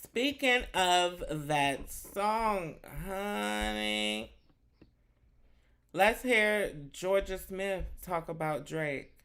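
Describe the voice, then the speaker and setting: A man's voice: high-pitched, very animated, extremely slow, sharp tone, clean tone. A male livestream host doing chatty, flamboyant commentary, calling the chat "honey" and "child". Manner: talks to the chat.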